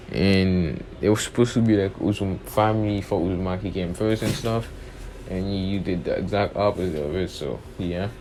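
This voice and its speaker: A young man with a low, darkish voice casually retells a fan story off the cuff. He rambles, restarts often, and leans on fillers like "pretty much" and "and stuff." Faint background noise is audible.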